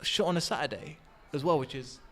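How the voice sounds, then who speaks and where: A young man with an English accent hosting a podcast in casual chat, chatty and quick to laugh. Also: fairly high pitch, fairly bright tone. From England. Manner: chatty, laughs easily, many restarts. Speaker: podcast host.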